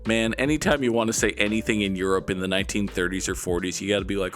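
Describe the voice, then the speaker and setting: A man's voice: lowish voice, fairly even intonation, fast talker, a bit bright. A man casually commenting while he plays a guessing game, rambling and joking to himself and swearing now and then. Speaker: gaming YouTuber.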